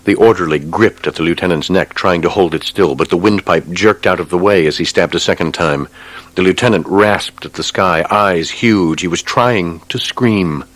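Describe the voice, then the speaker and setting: Man, very deep voice, grave measured audiobook narration. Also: no echo.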